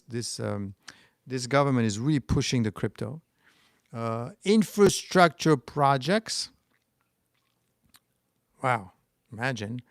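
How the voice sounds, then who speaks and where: Gravelly French-accented man rambling. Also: mid-range voice, no echo, clean studio sound. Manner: rambling, restarts, talks back to chat comments. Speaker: stock market channel host. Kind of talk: casual livestream commentary, reading chat.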